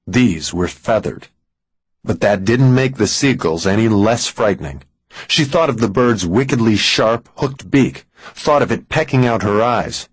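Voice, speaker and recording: A man narrating a suspense audiobook in a measured way, slowing down for tense moments. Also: lowish voice, husky, no room sound, poor audio. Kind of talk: scripted narration.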